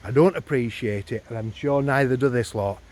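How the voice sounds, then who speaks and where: A man's voice: medium pitch, a little fast, a little mellow, natural voice. A man voicing a mean, hard-faced Irish man who talks in a blunt, threatening way. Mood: angry.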